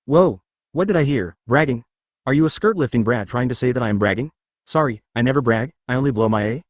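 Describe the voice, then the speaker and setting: A boastful, crude-joking adult man who brags and teases everyone in the chat, read by a male narrator. His pitch rises and falls freely as he delivers each line, and the voice is dry and close to the mic. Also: expressive, fast, no room sound, close to an everyday voice. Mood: brash.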